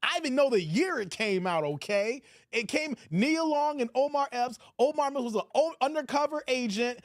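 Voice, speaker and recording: A man talks in a lively, animated way, his pitch rising and falling constantly as he jokes and reads out chat. His voice sits in a middle register and is recorded very dry and close. He keeps repeating his catchphrases in a casual streaming style. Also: no echo. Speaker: reaction streamer. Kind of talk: casual live commentary reading chat.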